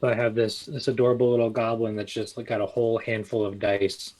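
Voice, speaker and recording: Low-voiced man, chatty guest. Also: fast, poor audio. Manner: relaxed, rambling with many fillers and restarts. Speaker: guest, small clothing business owner. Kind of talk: casual interview chat.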